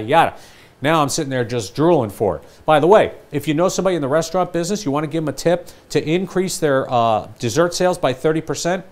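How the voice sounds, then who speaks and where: An older man giving a sales training talk, lively and conversational, acting out customer and ad lines as he goes. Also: fairly high pitch. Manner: animated, acts out customer and ad lines.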